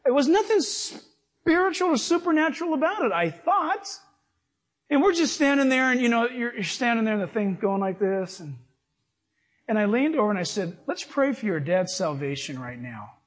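A man preaching a sermon, reading scripture and telling personal stories in a lively, animated way. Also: extremely high pitch, moderate pace. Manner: animated, acts out voices in his stories.

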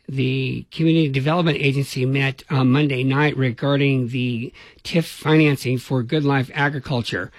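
A man reading a scripted radio newscast as anchor, in a steady, measured delivery. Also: medium pitch, no echo.

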